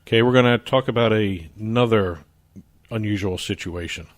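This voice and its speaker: Low-voiced Jersey man explaining sports news. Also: moderate pace. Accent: New Jersey. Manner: explains news stories at length, some restarts. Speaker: podcast co-host. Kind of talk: casual sports chat.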